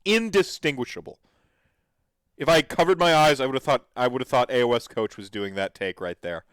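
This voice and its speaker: A man's voice: mid-range voice, animated, quick pace, fairly bright tone, clear, resonant tone, no echo. A man hosting a podcast, reacting to videos in an enthusiastic, rambling way with lots of fillers. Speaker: podcast host. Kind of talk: casual commentary reacting to videos.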